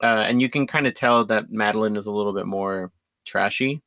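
A man's voice: on the low side, a little fast, pushed and bright, no echo. A man in casual conversation, recapping a film with enthusiasm, often laughing and restarting his sentences. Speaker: podcast co-host.

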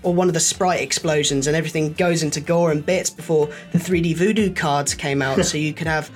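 A man telling stories in a casual chat, lively and acting out the people he quotes. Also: fairly high pitch, brisk, faint music behind. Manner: animated storyteller, acts out quoted voices.

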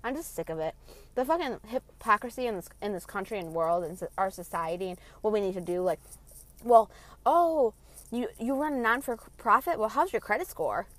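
A woman's voice: mid-range voice, animated, moderate pace, no room sound. A woman in her late twenties ranting from her car, heated, blunt and full of swearing. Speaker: vlogger. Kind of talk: passionate rant.

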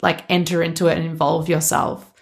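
A woman talks casually as a podcast co-host. Her voice sits fairly low for a woman. She is chatty and emphatic, with lots of "like" fillers. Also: flat delivery, fairly quick, creaky. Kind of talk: casual chat.

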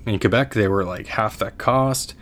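A man's voice: fairly low pitch, normal speed, fairly bright tone. A young Canadian man co-hosting a podcast, telling a long story in a rambling, self-deprecating way with many restarts. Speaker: podcast co-host. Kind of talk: casual storytelling.

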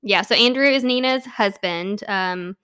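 A woman's voice: mid-range voice, unhurried, sharp tone, clean tone. Young female co-host, casual and blunt, filler-heavy book banter. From Arkansas. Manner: chatty, blunt, peppered with "like". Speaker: podcast co-host.

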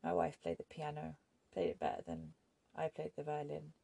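A woman reading an audiobook voices a calm, resigned young man who speaks softly and never raises his voice. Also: low-pitched, moderate pace, creaky, slightly rough, no room sound, exaggerated voice. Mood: sorrowful. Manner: soft-spoken, never raises voice.

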